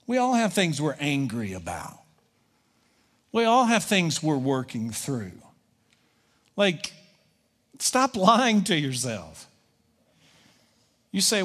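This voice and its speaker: A man's voice: fairly high pitch, wildly swooping pitch, slow, long pauses, fairly bright tone, big-room sound. A pastor preaching a conversational sermon, voicing his listeners' objections and answering them.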